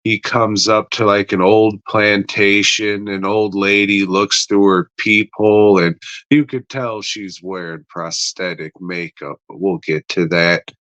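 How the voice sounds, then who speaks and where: Male podcast host, unhurried, crude offhand review voice. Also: fairly low pitch, fairly even intonation, a bit bright, no echo, muffled recording. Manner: rambling, profane, offhand. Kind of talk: casual spoken review.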